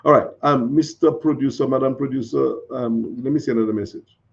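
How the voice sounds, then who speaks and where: Guy chatting on a live stream, folksy and repetitive, kinda gravelly, muffled sound. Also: medium pitch, steady tone, a little fast. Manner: chatty, folksy, repeats phrases. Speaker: live-stream host reading viewer comments. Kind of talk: casual live-stream talk. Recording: dull lo-fi stream audio.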